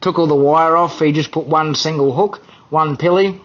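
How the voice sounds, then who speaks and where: A young man, a podcast guest, telling a fishing story in an animated, self-deprecating way. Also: fairly high pitch, moderate pace, muffled recording. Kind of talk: casual storytelling.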